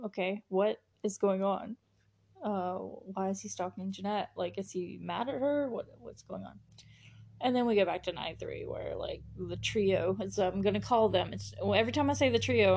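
A woman's voice: mid-range voice, a little mellow. Giggly, chatty woman recapping a show. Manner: chatty, giggly, full of "like" and "you know". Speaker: podcast host. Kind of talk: casual podcast recap.

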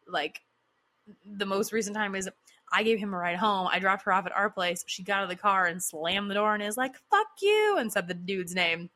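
Bright-voiced chatty woman storyteller. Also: medium pitch, little pitch movement, a little fast. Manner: chatty, filler-heavy, laughs often. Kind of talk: casual storytelling monologue.

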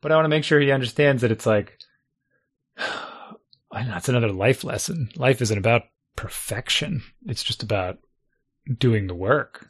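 A man's voice: medium pitch, moderate pace. Reflective middle-aged man, laughs often. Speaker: podcast co-host. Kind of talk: casual chat.

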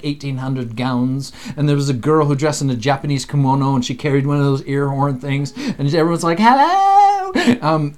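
A man from Canada, a former seminary teacher, co-hosting a casual chat in a playful, talkative way and acting out the voices he quotes. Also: medium pitch.

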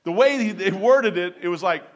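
A man preaching a sermon in a folksy, rambling way, swinging between loud bursts and quiet asides. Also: sits high, animated, normal speed. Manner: folksy and rambling, with stumbles and chuckles.

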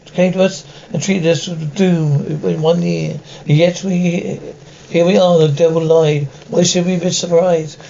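A pompous preaching archbishop. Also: male voice, a little high, gravelly, dark tone, highs cut off, a little hiss or hum. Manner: grand preaching delivery. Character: pompous self-righteous male archbishop preaching.

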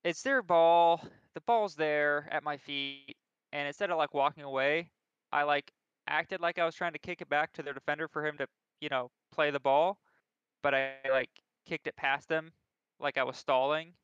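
A young man co-hosting a casual chat, telling an animated, self-deprecating story. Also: a little high, moderate pace, smooth, no echo. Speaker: podcast co-host. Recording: dull lo-fi recording.

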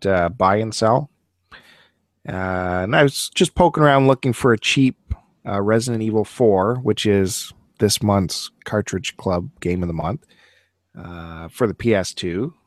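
Man, podcast host, teasing casual chatter, lowish pitch, very dry close sound. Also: no echo. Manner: chatty, teasing, laughs often. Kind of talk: casual chat.

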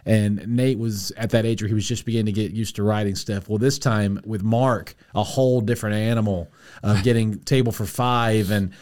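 A man with a somewhat low voice, chatting on a church podcast. He is eager and upbeat, and he often backs up and restarts his sentences mid-thought. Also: fairly even intonation, normal speed, few pauses. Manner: warm, enthusiastic, stumbles and restarts often. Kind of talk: casual chat.

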